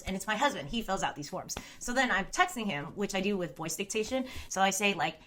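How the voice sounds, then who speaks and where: Woman, bright clear voice, casual storytelling, candid, giggly, lots of fillers. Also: mid-range voice, quick pace, few pauses, a little hiss or hum. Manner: candid, laughs often, filler-heavy. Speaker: streamer and storyteller. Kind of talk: casual unfiltered storytelling chat.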